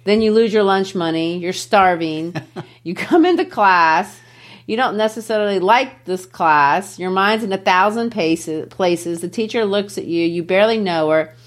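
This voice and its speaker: A middle-aged woman teacher walking through a poem, playful and animated, shifting her pitch for emphasis. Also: moderate pace. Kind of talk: classroom-style poetry lesson.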